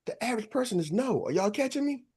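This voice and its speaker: An older man coaching a live seminar, talking in a punchy, energetic way and throwing rhetorical questions to the audience. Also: very high-pitched, fast talker, breathy edge. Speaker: business coach.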